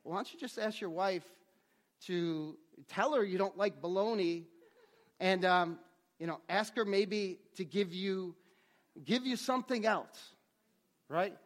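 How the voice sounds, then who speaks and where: A man's voice: high voice, unhurried. A man preaching a sermon, earnest, often repeating words as he restarts his phrases. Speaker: pastor.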